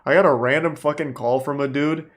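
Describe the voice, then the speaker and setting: A man in his thirties hosting a casual reaction commentary, telling stories in a profane, animated way. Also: fairly high pitch, a little fast. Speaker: host reacting to videos.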